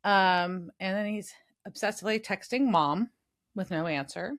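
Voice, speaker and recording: A woman's voice: mid-range voice, normal speed. A woman co-hosting a podcast, loosely recapping a TV episode with casual swearing. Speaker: podcast co-host.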